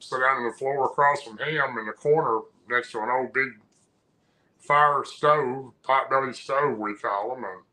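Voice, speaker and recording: Man with a very bright voice, telling a story. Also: mid-range voice, low-quality recording. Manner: rambling, folksy, with frequent restarts. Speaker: guest recounting an encounter. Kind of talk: casual storytelling.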